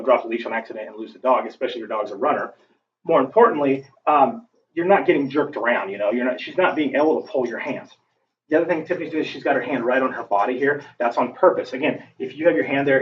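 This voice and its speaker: Distant man explaining dog training. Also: medium pitch. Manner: casual, talks through the steps with fillers. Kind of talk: instructional demonstration. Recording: distant, dull lo-fi recording with faint background noise.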